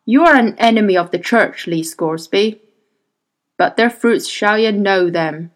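A woman's voice: medium pitch, expressive, a little slow, natural voice. A woman voicing a fanatical, dying male zealot in an audiobook, speaking harshly and solemnly. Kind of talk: audiobook character reading.

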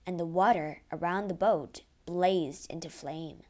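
A woman narrating a children's storybook aloud in an expressive, dramatic way. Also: lowish voice, slow.

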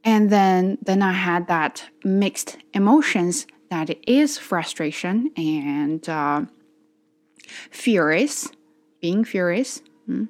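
Woman, tired, earnest, self-reflective, halting speech, casual vlog monologue, slightly low voice. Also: lively intonation. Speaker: channel host practicing English.

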